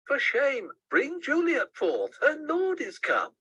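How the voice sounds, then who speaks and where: A man's voice: very high-pitched, wildly swooping pitch, slow pace, bright, forceful tone, dry recording, dull audio, voice pushed up, heavily acted. A man voicing a stern noble father in grief in a play reading. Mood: impatient. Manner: stern, then grieving and solemn.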